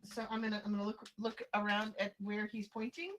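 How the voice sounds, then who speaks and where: A woman's voice: mid-range voice, level tone, a little fast. A woman playing a tabletop game, chatty and a little flustered. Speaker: player. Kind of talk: casual game talk.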